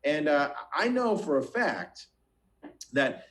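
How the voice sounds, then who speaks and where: A man with a fairly high voice delivers an energetic motivational pitch. He talks straight to his listeners, asks them question after question, and stumbles over repeated words as he pushes ahead. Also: takes it slowly, low-quality recording. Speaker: financial business recruiter.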